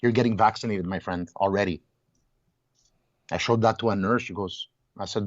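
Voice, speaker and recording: On a lo-fi recording with no echo, a guest speaks at a moderate pace in a lowish voice. Caught up in a heated casual conversation, he tells emphatic stories, exclaiming and frequently restarting or repeating his words.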